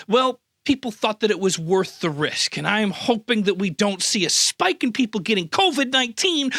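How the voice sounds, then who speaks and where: A man's voice: high voice, lively intonation, a little fast, vocal fry, pushed and bright, no echo, clean studio sound. A man from the Midwest hosting a comedic news roundup, sarcastic and full of mock-outraged asides. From American Midwest. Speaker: news host.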